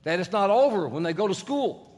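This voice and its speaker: A middle-aged pastor preaches a sermon full of humorous family stories, imitating the voices of others. His voice sits high, animated and fairly quick with a darkish tone, while the large hall lends a long reverb.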